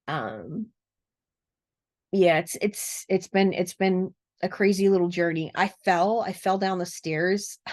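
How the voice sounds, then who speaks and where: A woman with a somewhat low voice talks straight to the camera in a casual vlog. She rambles earnestly, often pausing on "um" and "uh" and letting small laughs slip in. She records from a cluttered room at home. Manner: rambling and earnest, with frequent fillers and soft laughs. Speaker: narcissism recovery coach.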